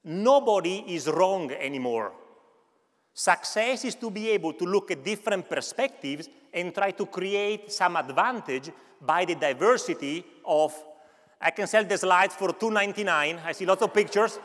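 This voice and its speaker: A man's voice: high voice, lively intonation, normal speed, a bit bright. A man in his fifties from Italy's Veneto region with a Veneto Italian accent, giving a chatty conference keynote with joking asides to the audience. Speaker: alumni keynote speaker. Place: large university auditorium. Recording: echoey lecture hall.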